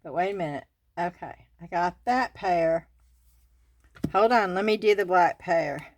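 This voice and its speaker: An older Southern woman chats through a craft unboxing, giggling and calling her viewers y'all. She talks at an unhurried, drawn-out pace. The sound is close and dry, with no room around it. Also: lowish voice, no room sound. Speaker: craft channel host. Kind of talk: casual unboxing chat.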